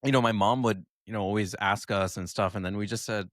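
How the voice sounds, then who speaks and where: Low-voiced man rambling casually. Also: steady tone, fast, few pauses, fairly bright tone, dry recording, clean studio sound. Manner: hesitant, rambling with many fillers. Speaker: podcast co-host. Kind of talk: casual chat.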